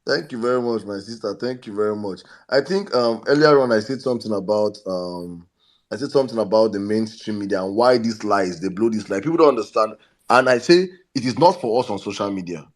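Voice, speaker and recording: A man's voice: lowish voice, a little fast. Emphatic Nigerian man hosting a discussion. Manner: emphatic, repeats phrases. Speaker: host. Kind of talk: hosting a political audio chat.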